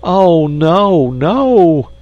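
A man voicing a pompous, polite male insect hero, with a high, fussy, pleading voice. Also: animated, unhurried, a little mellow, no room sound, highs cut off.

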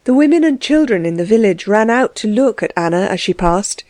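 Female audiobook narrator, measured novel reading, dry close recording. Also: mid-range voice, lively intonation, darkish tone, no room sound. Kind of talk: scripted narration.

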